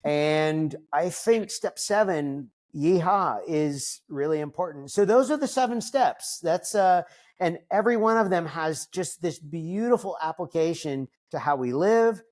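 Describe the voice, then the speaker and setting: A man's voice: fairly high pitch, expressive, a little slow, a little mellow. A man in his fifties, a podcast guest, talking reflectively in a casual interview, with frequent fillers and restarts. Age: 50s.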